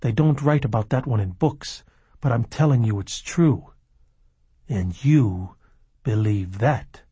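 A man reading the lines of a gaunt, cursed lawyer who threatens slowly in a low voice. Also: mellow, husky, dry recording, muffled recording. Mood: menacing.

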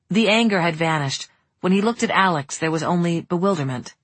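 A woman reading a novel aloud in steady audiobook narration. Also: fairly low pitch, fairly quick, dry recording.

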